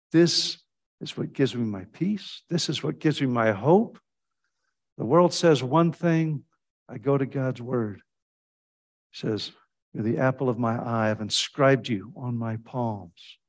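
A male preacher giving a conversational sermon, jumping high in pitch when acting out quotes and slipping in restarts and fillers. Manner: animated storytelling with sudden pitch jumps when quoting.

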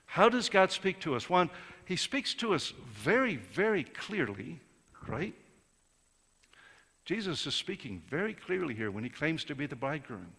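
A man preaching a sermon in a conversational way, rising to emphatic peaks and then dropping soft. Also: a little high, big pitch swings, normal speed, slightly rough. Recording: reverberant hall.

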